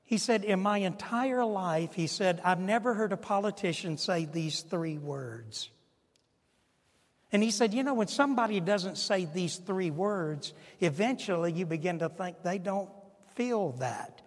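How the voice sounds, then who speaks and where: A pastor in his sixties preaching a sermon, swinging from hushed asides to shouted emphasis. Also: sits high, lively intonation, unhurried. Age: 60s. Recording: long hall reverb.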